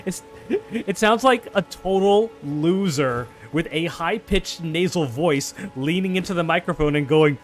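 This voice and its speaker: A man hosting a let's play, chatting casually about the game he plays, excitable, swearing and restarting his sentences. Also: on the high side, a little slow, hardly any pauses, soft background music. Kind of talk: casual gameplay chat.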